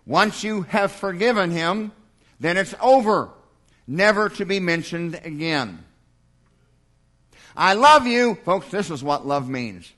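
A man's voice: sits high, expressive, unhurried, a bit bright. An older man preaching a sermon as pastor, folksy and humorous, acting out little dialogues.

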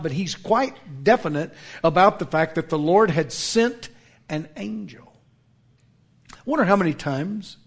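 A middle-aged man preaches with dramatic swings in volume. His fairly high voice climbs for emphasis, then sinks to quiet, slow asides before rising again. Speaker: pastor. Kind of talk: sermon.

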